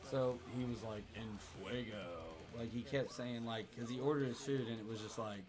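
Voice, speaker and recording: Profane storytelling streamer, music behind. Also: male voice, mid-range voice, fairly even intonation, a little fast. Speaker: livestream host. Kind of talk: casual storytelling to a live chat.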